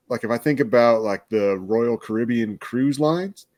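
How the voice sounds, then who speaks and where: A man's voice: medium pitch, slow pace, darkish tone. Chatty man reviewing soda. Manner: chatty, laughs often, rambling explanations. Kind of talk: casual chat.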